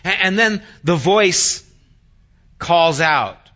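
A man preaching a sermon as pastor, reading scripture dramatically and then talking quietly and earnestly to the congregation. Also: sits high, lively intonation, very slow, muffled recording.

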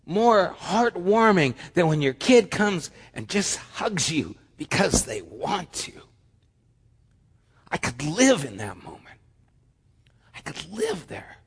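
A male pastor preaching a sermon, animated, swinging between loud emphasis and soft, hushed lines. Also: fairly high pitch, husky, in a large hall.

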